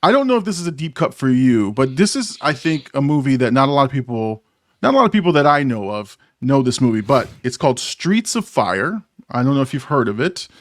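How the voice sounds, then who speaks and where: A man's voice: mid-range voice, sing-song, a little fast, dry recording, studio quality. A man in his forties hosting a casual movie chat, rambling and self-deprecating, laughing often. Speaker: podcast host.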